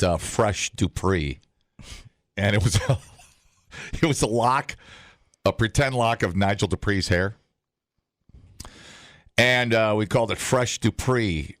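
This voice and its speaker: A man's voice: fairly low pitch, animated, measured pace, pauses often, no echo, clean studio sound. A man hosting a morning radio show, joking and rambling with fillers. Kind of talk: casual radio banter.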